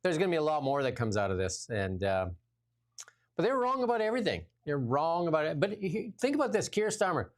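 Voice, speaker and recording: A man's voice: a little high, very animated, a little fast. Sarcastic man hosting a political talk show. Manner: mocking, sarcastic, repeats phrases for effect. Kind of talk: casual political chat.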